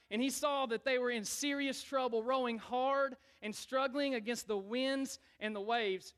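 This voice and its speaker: A young man, a youth pastor preaching a lively sermon in church and calling on the congregation to answer back. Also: extremely high pitch. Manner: energetic, calls on the crowd to respond.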